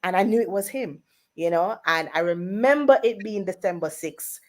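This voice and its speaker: Speaking at a medium pitch and normal pace, a woman guesting on the radio shares a personal anecdote in a spirited way. She acts out family members' voices in the quoted parts.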